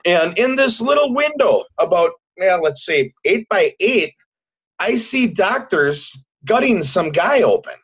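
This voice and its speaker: A man telling a personal story as a guest in a casual interview, halting and repeating words, acting out what people said. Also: sits high, sing-song, a bit bright, husky. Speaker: podcast guest. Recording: dull lo-fi recording.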